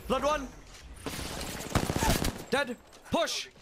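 A young man streaming a competitive shooter game, firing off terse, rapid callouts to his team and humming to himself between fights. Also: very high voice, heavy background noise. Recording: game gunfire over the voice. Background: game gunfire and effects.

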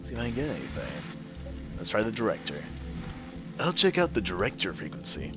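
A man's voice: fairly low pitch, sing-song, fairly quick, fairly bright tone. Man musing over a horror game. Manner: reads game text aloud, musing to himself. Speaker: let's play commentator. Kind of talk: gameplay commentary. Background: game music.

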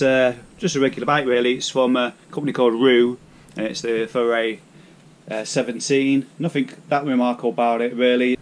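A man from the UK talking casually through his shopping haul in a cycling vlog, rambling with many hesitations. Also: mid-range voice. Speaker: cycling vlogger. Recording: distant mic, faint background noise.

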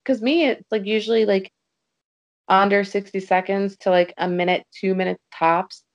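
A woman's voice: mid-range voice, fairly even intonation, moderate pace. A woman guest on a podcast, trading blunt, dry comebacks in casual chat. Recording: dull lo-fi sound.

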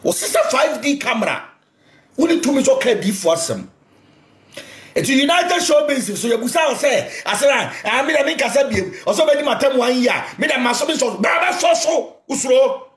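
Shouting high-voiced Ghanaian preacher. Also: male voice, very animated, moderate pace. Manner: loud, shouting, fiery. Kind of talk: fiery spoken rant. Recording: echoey room, faint noise.

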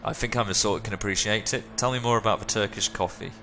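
A man's voice: fairly low pitch, fairly even intonation, quick pace, sharp tone, soft background music. A man voicing a wry male runner in a video game, with a dry delivery. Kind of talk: reading a video game's dialogue aloud.

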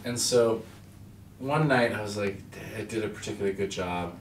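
Low-voiced man telling jokey stories in an echoey room. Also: normal speed. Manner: rambling, jokey storyteller who acts out quotes. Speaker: actor and screenwriter guest. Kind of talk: casual interview chat. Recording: echoey room, distant mic, light noise.

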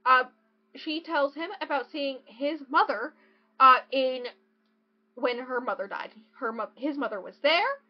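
A young woman hosting a casual podcast, gushing about a book and reading passages aloud. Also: high-pitched. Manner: gushing, excitable, swings between reading and joking. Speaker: podcast host. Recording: dull lo-fi podcast audio.

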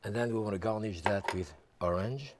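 A man working as a TV chef, walking through a cooking demonstration step by step and adding relaxed asides as he goes. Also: lowish voice, moderate pace, noisy background. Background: background music.

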